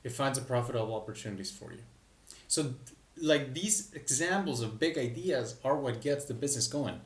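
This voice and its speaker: A man's voice: medium pitch, lively intonation, normal speed. A man, a business coach, explaining ideas in a candid, casual way with self-deprecating asides. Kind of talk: casual talking-head explanation. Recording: echoey room, mic at a distance.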